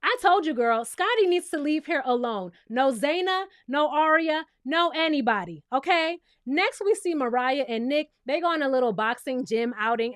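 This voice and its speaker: A woman's voice: high voice, no echo, studio quality. A woman giving a sassy, playful casual commentary recap of a reality show, talking straight to the viewer.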